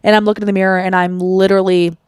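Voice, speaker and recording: A young woman hosts her own podcast, talking in a loose, confessional way and dropping swear words as she goes. Her voice sits at an ordinary pitch for a woman. The sound is dry and close, with no room around it. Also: racing, clear, resonant tone, no echo. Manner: casual, swears freely, animated and confessional. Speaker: podcast host. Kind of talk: candid solo podcast monologue.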